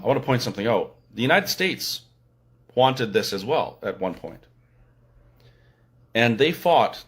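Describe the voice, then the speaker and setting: A man's voice: on the low side, a bit bright. A man from Alberta with a Canadian accent, hosting a casual livestream from a hotel room and speaking in an opinionated, sarcastic, emphatic way. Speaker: livestream host.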